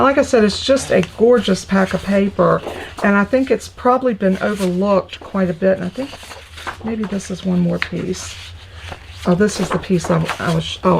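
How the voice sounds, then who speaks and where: A woman talks her live viewers through a crafting tutorial, chatty and gushing over her papers. Her mid-range voice carries a gravelly, creaky edge, with a faint noise underneath. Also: mid-range voice, rough recording. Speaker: crafting host.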